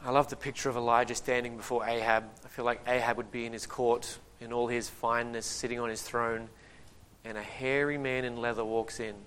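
A man's voice: medium pitch, brisk, a little hiss or hum. A man preaching a sermon, telling the story with humor and acting out the quotes. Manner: lively, humorous retelling with acted-out quotes.

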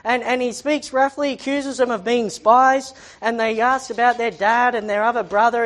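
Aussie lady doing a bible talk, chatty, lots of rhetorical questions, kinda high voice. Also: moderate pace, few pauses. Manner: chatty, asks rhetorical questions, reads scripture aloud. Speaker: Bible teacher. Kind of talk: conversational Bible teaching.

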